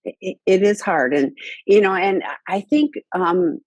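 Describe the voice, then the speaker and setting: A woman podcast host talks casually, stumbling through restarts and filler phrases as she gathers her thoughts. Her voice sits in a middle pitch and sounds dry and close. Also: unhurried, a little mellow, no room sound, lo-fi sound. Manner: hesitant, many restarts and "you know"s. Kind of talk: casual chat.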